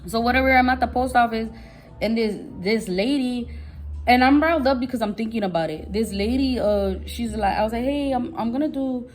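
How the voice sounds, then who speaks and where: Woman, 30s, casual storytime, animated, heated, repetitive, somewhat high voice. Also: fairly quick, soft background music. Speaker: vlogger.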